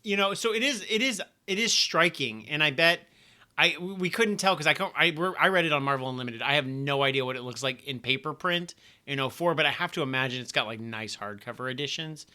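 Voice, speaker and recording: A man's voice: a little high, brisk, bright, forceful tone. A man co-hosting a podcast, chatting casually and hedging often. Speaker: podcast co-host. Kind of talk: casual chat.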